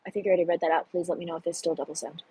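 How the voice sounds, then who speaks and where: A young woman hosting a casual live stream into a phone, chatting loosely and poking fun at herself. Her voice has a husky, slightly breathy grain. The sound is close and dry, with little room around it. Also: on the low side, fairly even intonation, rapid-fire, warm tone, no echo, poor audio. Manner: chatty, self-deprecating, reads chat aloud with laughs.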